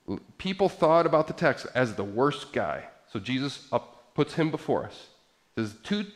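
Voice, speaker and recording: A middle-aged man delivers a sermon with a fairly high voice. He moves between soft, conversational asides and loud, emphatic stretches of preaching. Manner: animated preaching that swings from quiet asides to loud emphatic passages. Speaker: pastor.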